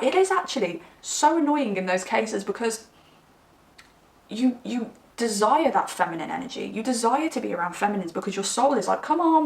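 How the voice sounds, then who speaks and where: Chatty woman reading tarot. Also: on the high side. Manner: chatty, rambling, animated storytelling. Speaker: tarot reader. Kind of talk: casual pick-a-card reading to camera. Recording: roomy, slightly distant mic.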